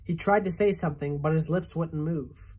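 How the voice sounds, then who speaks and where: Woman teacher, storybook read-aloud, expressive, husky and low-pitched. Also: normal speed. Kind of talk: reading a children's novel aloud.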